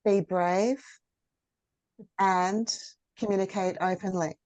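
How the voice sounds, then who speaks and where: A woman's voice: mid-range voice, steady tone, takes it slowly, darkish tone, no room sound. Woman co-host, mid voice, dry close sound, all enthusiastic and agreeing. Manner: enthusiastic, affirming. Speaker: podcast co-host. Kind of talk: podcast interview.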